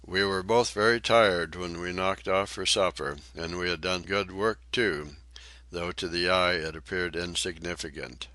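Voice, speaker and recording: A man reading an adventure novel aloud as audiobook narrator, in steady, even storytelling. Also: low-pitched, a little slow, no echo. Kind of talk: scripted narration.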